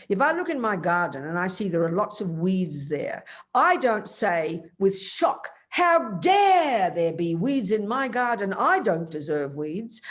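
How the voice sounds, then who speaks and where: A woman teaching as a Buddhist teacher, giving an emphatic, animated dharma talk and acting out the voices she quotes. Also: medium pitch.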